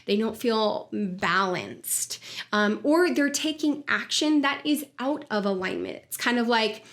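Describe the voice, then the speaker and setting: This is a woman with a slightly high voice, talking through a wellness podcast episode in a relaxed, earnest monologue. She explains things conversationally, with fillers and small restarts along the way. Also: unhurried. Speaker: podcast host and wellness coach.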